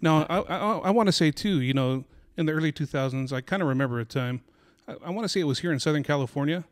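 A man hosting a podcast who asks questions in a relaxed, casual way with hesitant restarts. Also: on the high side, fast, no room sound, clean studio sound. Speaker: podcast host. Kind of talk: casual interview.

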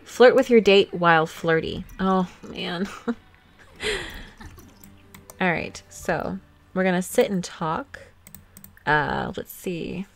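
Into a desktop USB microphone, a young let's play host talks casually about the life-sim game she's playing, giggling and chatting with plenty of fillers. Her fairly low voice is slow and creaky, with long pauses.

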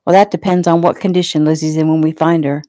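A man's voice: fairly high pitch, flat delivery, fast talker, no room sound, studio quality, lightly acted. A woman playing a bullying small-town cop. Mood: demanding. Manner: loud, pushy and demanding. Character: jealous, bullying small-town male police officer.

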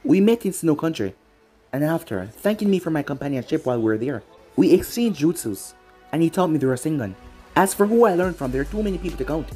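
A narrator reading a fan-fiction story, voicing a cocky young male ninja hero who talks in a calm, confident way. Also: medium pitch, fast, slightly rough, faint music behind.

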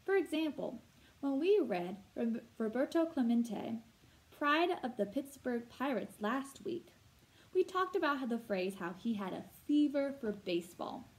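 A woman teacher explaining vocabulary words slowly and clearly, asking her listeners questions as she goes. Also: on the high side, very animated, rough recording. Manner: slow, clear teacher talk with rhetorical questions. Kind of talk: read-aloud vocabulary lesson.

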